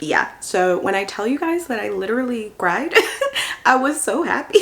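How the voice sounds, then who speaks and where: A young woman telling a personal story in a casual vlog, animated and rambling, laughing often. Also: fairly high pitch, normal speed, a little hiss or hum. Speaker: manifestation coach.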